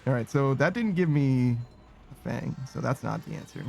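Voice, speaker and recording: A man's voice: medium pitch, lively intonation, moderate pace, creaky, darkish tone. A man streaming a game, chatting casually, reading chat aloud and laughing easily. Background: faint game music.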